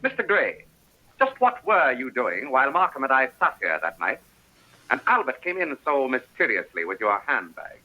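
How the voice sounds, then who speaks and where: An actor with a Mid-Atlantic accent playing a sharp male sleuth who accuses a suspect in 1930s film acting. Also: medium pitch, big pitch swings, moderate pace, exaggerated voice, poor audio. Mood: accusing. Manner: accusing, theatrical.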